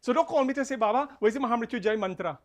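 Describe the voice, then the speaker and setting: A man, an officiating pundit preaching a funeral sermon, repeating key lines and swinging between soft and loud. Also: very high-pitched, very fast.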